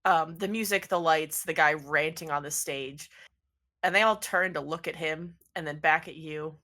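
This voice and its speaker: Woman gm narrating a tabletop game, bright voice, giggly and lively. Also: low voice, moderate pace, no room sound. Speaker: game master.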